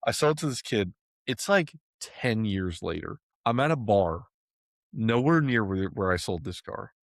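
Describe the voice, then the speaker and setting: A man's voice: on the low side, expressive, unhurried, vocal fry, dry recording, studio quality. A man hosting a podcast, telling casual stories with lots of fillers and frequent laughter. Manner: chatty storyteller, laughs often, many fillers. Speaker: podcast host. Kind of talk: casual chat.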